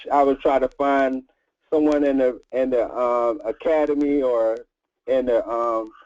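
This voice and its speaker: A man's voice: medium pitch, fairly even intonation, unhurried, very noisy. Hesitant man on dull lo-fi audio. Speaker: participant in a video meet-up. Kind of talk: casual video-call chat.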